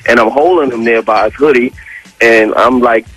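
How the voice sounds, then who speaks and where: A man on a radio show, casually telling a story with animated, profane street slang. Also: mid-range voice, normal speed, background noise. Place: radio studio.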